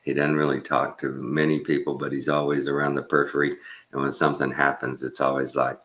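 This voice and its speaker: Very deep-voiced, sarcastic man from Texas. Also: monotone, a little fast, a bit bright. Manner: rambling, sarcastic, scornful. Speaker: channel host. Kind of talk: casual commentary vlog. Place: home.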